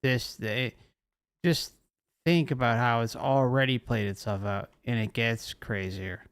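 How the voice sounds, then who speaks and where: A man's voice: mid-range voice, a little slow, clean tone, dry recording. A man hosting a channel, breaking into a played clip with emphatic comments. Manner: emphatic interjections.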